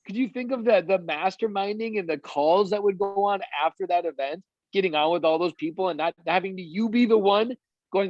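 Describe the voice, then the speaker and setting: A man's voice: sits high, fairly quick, no room sound, lo-fi sound. A man coaching a sales team on a video call, talking eagerly and rambling with lots of fillers.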